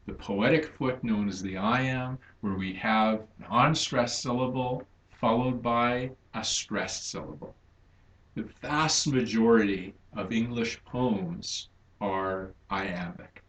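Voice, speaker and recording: Male lecturer, low-ish voice, unhurried, methodical, reverberant classroom sound. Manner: slow, deliberate, emphasizing stressed syllables. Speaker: literature lecturer. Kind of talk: recorded lecture. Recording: echoey room.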